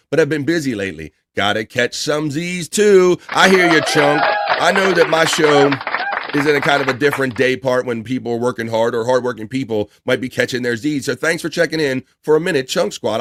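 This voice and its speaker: A man's voice: medium pitch, fairly quick, background noise. A man hosting a casual livestream, reading viewer messages aloud in a loose, chatty way. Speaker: livestream host reading chat. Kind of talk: casual chat.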